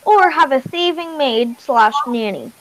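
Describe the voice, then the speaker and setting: A woman's voice: high-pitched, expressive, measured pace, a crowd in the background, rough recording. A woman hosting a livestream, reading out questions in an upbeat, chatty way. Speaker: livestream host. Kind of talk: casual chat reading questions.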